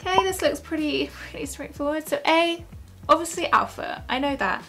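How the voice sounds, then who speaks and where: A young woman talks straight to camera from her home, chatty and self-mocking as she rambles along. Her voice sits a little high for a woman, with faint music under it. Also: moderate pace, a bit bright. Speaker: vlogger. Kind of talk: casual vlog chat.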